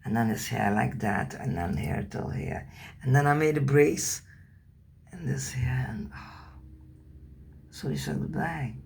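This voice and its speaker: Gravelly, husky Dutch-speaking woman. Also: extremely low pitch, a little slow, long pauses, a little mellow. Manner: candid, rambling, swears casually, searches for English words. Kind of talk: personal storytelling to camera.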